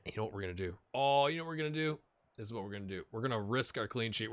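A man's voice: mid-range voice, sharp tone, no room sound. A man hosting a gaming video, giving rambling, chatty commentary with jokey asides to the players. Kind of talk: casual gameplay commentary.

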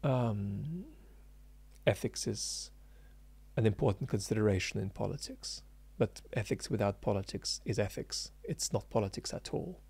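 A man's voice: lowish voice, lively intonation, a little slow, vocal fry, a little mellow, breathy edge. A man giving unscripted political commentary, emphatic and argumentative, thinking aloud with frequent ums and restarts.

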